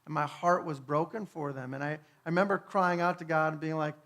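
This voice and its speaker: Man, higher voice, earnest testimony sermon, conversational, hushed to fervent. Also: fairly even intonation, brisk. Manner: tag questions, fillers. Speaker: speaker.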